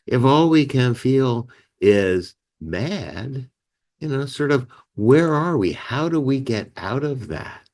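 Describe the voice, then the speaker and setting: A man's voice: medium pitch, takes it slowly. A man hosting a community meeting, teaching about feelings in a conversational way and acting out emotion words. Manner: animated, acts out emotion words with gasps and sighs; conversational, many "you know" and "right". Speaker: meeting host and life skills teacher.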